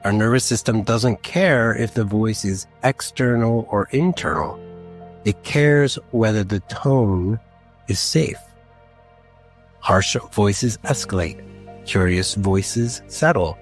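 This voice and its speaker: A man hosting a podcast, talking in a calm, measured, gentle way in a scripted solo talk. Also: lowish voice, soft background music. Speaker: podcast host, therapist.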